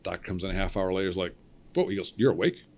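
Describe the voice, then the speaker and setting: A man with a fairly low voice tells his story in a relaxed, conversational way. He is middle-aged and animated, and he acts out each person's lines as he goes. He laughs at his own punchlines. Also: racing. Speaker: podcast guest, cable splicer. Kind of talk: casual storytelling.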